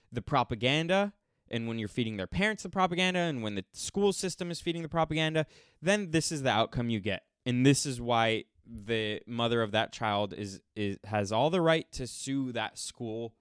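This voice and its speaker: Male solo commentator, blunt and rambling, animated delivery with a smooth, resonant tone, dry close sound. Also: mid-range voice, dry recording. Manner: rambling and blunt, with frequent restarts and swearing. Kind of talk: unscripted political commentary monologue.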